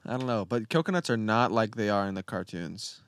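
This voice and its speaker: A man's voice: fairly low pitch, animated, a little fast. A man co-hosting a podcast, trading sarcastic wisecracks and teasing his friends in casual chat. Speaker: podcast co-host.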